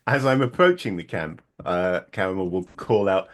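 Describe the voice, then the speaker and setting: A man's voice: low voice, moderate pace. A man playing in a tabletop role-playing session, chatting casually and joking with the table. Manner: jokey, animated. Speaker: player. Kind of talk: casual tabletop play chat.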